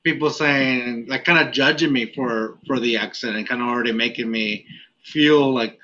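Man from Mexico, podcast host, bright tone, rambling and relaxed; lo-fi sound. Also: medium pitch, moderate pace, slight background noise. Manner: laid-back, rambling, many fillers. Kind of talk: casual podcast chat. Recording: dull lo-fi audio.

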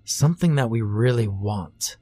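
A man reading as a gruff mumbling detective. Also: lively intonation, moderate pace, mellow, soft background music. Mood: blunt. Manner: low mumbling, blunt. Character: weary, wary middle-aged male detective.

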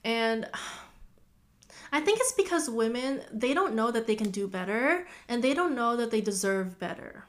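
A woman with a slightly raised pitch hosts her own show in a relaxed, chatty way. She leans on "like" as a filler and speaks straight to the listener as a bestie. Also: a little slow. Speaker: podcast host. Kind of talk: casual commentary to listeners.

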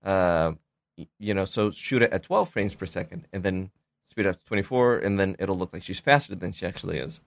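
A man's voice: deep voice, a little fast, gravelly, dry recording. A middle-aged man, a filmmaker guest, telling stories in casual chat, rambling with many fillers and restarts.

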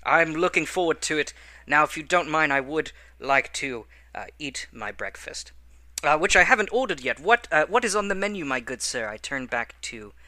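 A man's voice: fairly high pitch, animated, moderate pace, bright, forceful tone, dry recording. A man at a tabletop game speaking in character as a well-bred bard, formal and polite with a slightly grandiose air. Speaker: player. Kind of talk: playing a genteel bard in character.

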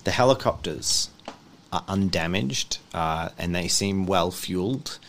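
A man's voice: sits low, measured pace, noisy background. A young man narrating as game master on a tabletop game stream, chuckling as he goes. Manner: chuckles through his narration.

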